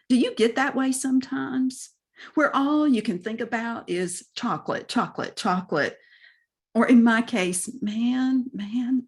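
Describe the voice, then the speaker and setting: Slow, breathy Southern woman reading poetry. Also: a little high. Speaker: poet. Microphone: video call.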